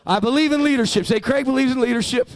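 Pastor, male, high voice, emphatic sermon delivery with call-and-response prompts to the congregation. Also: fast talker, creaky.

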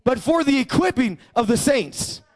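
Pastor, male, high voice, emphatic sermon delivery with call-and-response prompts to the congregation. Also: expressive, normal speed.

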